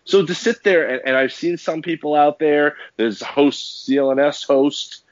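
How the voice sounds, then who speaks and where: A man's voice: on the high side, normal speed, no room sound, muffled recording. A man co-hosting a sports podcast, ranting emphatically with many restarts and repeated words. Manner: emphatic, repetitive restarts, angry. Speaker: podcast co-host. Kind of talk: heated sports podcast rant.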